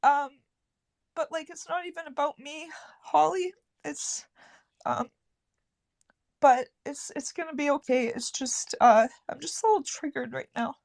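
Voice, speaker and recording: A woman in a casual group voice chat who speaks in a halting, upset way, with many restarts and frequent swearing. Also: high-pitched, gravelly.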